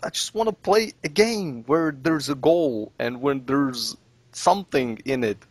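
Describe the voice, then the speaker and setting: Podcast host, male, casual and animated, mid-pitched voice, dry close mic. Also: measured pace, no echo. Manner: animated, swears casually, acts out quoted reactions.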